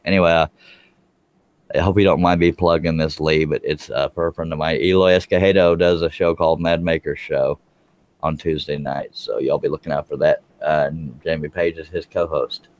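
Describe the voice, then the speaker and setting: A man, chatting on a live stream as a guest woodworker, rambling and correcting himself as he goes. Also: low-pitched. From Texas. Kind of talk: casual live-stream chat. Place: home, smoking while talking.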